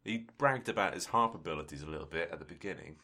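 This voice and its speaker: A man's voice: low-pitched, fast talker, bright, forceful tone. A man co-hosting a podcast who chats wryly about the story. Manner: wry, thoughtful. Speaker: podcast co-host. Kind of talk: casual chat.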